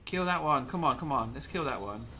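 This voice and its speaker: A man's voice: medium pitch, lively intonation, brisk, sharp tone, a little hiss or hum. A young man commentating gameplay with a lot of energy, yelping, laughing and slipping into pirate growls.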